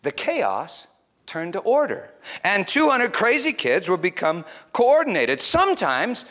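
A man preaching a sermon, moving between quiet reflection and excited, animated storytelling. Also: high-pitched, a little slow. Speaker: pastor.

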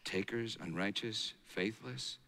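A middle-aged man preaching a sermon as a pastor, swinging between hushed and loud passages. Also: lowish voice, takes it slowly, gravelly. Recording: long reverb of a large hall.

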